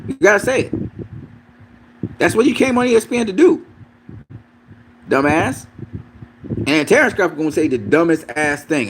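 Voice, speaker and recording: A man's voice: on the high side, animated, moderate pace, long pauses, noisy background. A man giving a casual, profane, emphatic rant as a boxing commentator.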